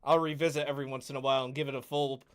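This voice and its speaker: A man's voice: mid-range voice, flat delivery, racing, clear, resonant tone. A man co-hosting a podcast, chatting casually, chiming in with wry remarks and a few restarts. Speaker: podcast co-host. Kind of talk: casual chat.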